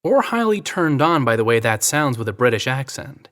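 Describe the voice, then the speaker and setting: A man's voice: medium pitch, very animated, normal speed, a bit bright, pitched above the performer's own voice. A man voicing a teasing American woman photographer. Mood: playful. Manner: playful, teasing, coy. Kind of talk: audio drama reading.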